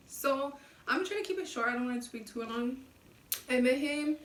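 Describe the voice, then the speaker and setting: A woman's voice: a little high, a little hiss or hum. A young woman vlogger telling a casual storytime, slangy and profane, acting out the dialogue as she goes. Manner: slangy, profane, animated retelling with quoted dialogue. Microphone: low-quality camera mic. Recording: echoey room, mic at a distance.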